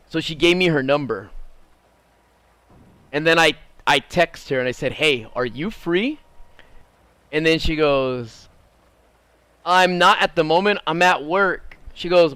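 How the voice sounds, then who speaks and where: Man, 30s, from Southern California, high voice, animated storyteller, dry close mic. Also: smooth, dry recording. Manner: animated, rising to excited high bursts when quoting himself. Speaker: streamer. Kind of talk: casual storytelling while gaming.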